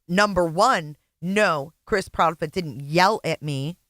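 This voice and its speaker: A woman's voice: fairly low pitch, slow, hardly any pauses, a bit bright, dry recording. A woman hosting a reaction stream, angrily talking back at a clip and swearing. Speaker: channel host reacting to a clip. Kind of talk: angry reaction commentary.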